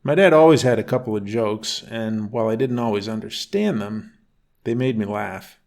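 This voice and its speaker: A man narrating a first-person bedtime story in a calm, unhurried reading voice. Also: on the low side.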